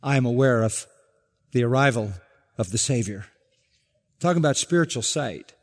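A man's voice: mid-range voice, lively intonation, moderate pace. A man preaching a sermon as pastor, emphatic and building his points through rhetorical questions. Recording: long reverb from a large hall.

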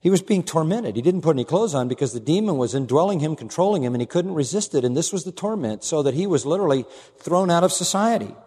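Emphatic preacher in a reverberant hall. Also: male voice, expressive, fast talker, dark tone, breathy edge. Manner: emphatic, swinging from low asides to raised declarations. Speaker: pastor. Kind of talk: expository sermon.

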